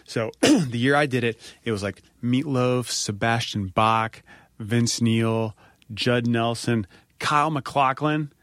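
A man hosting a podcast, telling stories in a loose, swearing, animated way. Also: medium pitch, slow, no room sound, clean studio sound. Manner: animated storyteller, swears freely. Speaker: podcast host. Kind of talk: casual podcast chat, storytelling.

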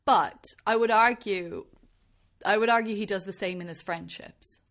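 A woman's voice: mid-range voice, normal speed. A woman chatting casually about a show, animatedly acting out characters' lines. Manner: animated, acts out quotes in raised voices.

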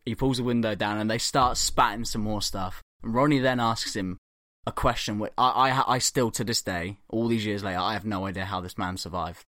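A man's voice: fairly low pitch, steady tone, fairly quick, a bit bright, no room sound, clean studio sound. A young man hosting a podcast, animatedly telling a comic story full of swearing and acted-out quotes. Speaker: podcast host.

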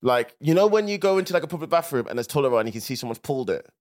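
A man's voice: mid-range voice, very fast. A man with a Birmingham accent, co-hosting a casual comedy podcast and joking with a lot of laughter. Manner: joking, laughs often, animated.

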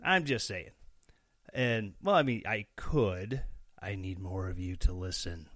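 A man's voice: deep voice, measured pace, a bit bright, dry recording, clean studio sound. A young man from Missouri hosting a casual solo podcast, rambling and joking with sarcastic asides. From Missouri, USA. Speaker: podcast host.

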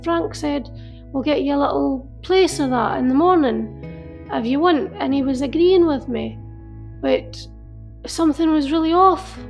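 A woman telling an emotional personal story in an earnest, halting way, often repeating herself. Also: sits high, gravelly. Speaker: interviewee. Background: soft music.

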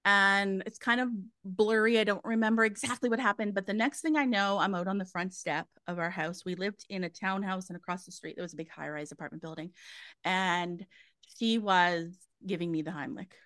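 A woman talks through a personal story in a casual interview, chatty and full of restarts. Her pitch sits mid-range, and the sound is close and dry with no room echo. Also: steady tone, brisk, fairly bright tone. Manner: chatty, many fillers and restarts. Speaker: guest medium.

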